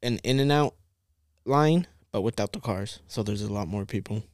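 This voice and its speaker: Young guy, clear mid voice, dry sound, rambling laid-back talk. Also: on the low side, moderate pace, a little mellow, no echo. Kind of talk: casual chat.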